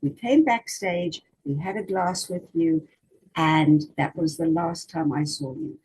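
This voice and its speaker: A woman's voice: sits low, a little slow, a little mellow, husky, rough recording. A woman from South Africa hosting an interview, chatting casually and praising her guest effusively. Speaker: interview host.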